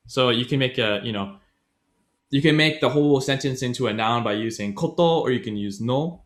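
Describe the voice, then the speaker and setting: A man's voice: mid-range voice, a little fast. A man co-hosting a casual podcast, explaining grammar in a loose, rambling way with many fillers, self-corrections and frequent laughs. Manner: laughs often.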